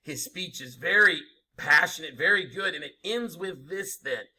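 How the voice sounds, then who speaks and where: Bright, emphatic male history teacher. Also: on the high side, lively intonation, normal speed. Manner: emphatic, rhetorical questions, informal. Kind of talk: classroom lecture.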